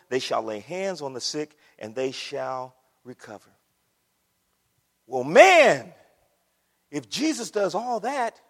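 A man preaching a sermon with fervour, calling out to his congregation and swinging from hushed to loud. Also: on the high side, in a large hall. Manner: calls out to the congregation. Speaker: pastor.

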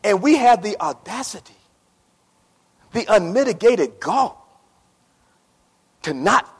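A man's voice: high voice, husky. A man preaching a sermon as pastor, passionate, repeating his phrases and acting out the voices in his story. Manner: impassioned, repeats phrases, acts out quoted voices. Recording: long reverb of a large hall.

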